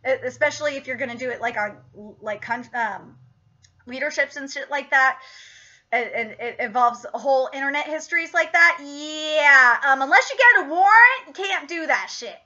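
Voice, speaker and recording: A woman reviewing a TV episode in a casual, rambling, profane way, getting excited as she goes. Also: high voice, normal speed, muffled recording.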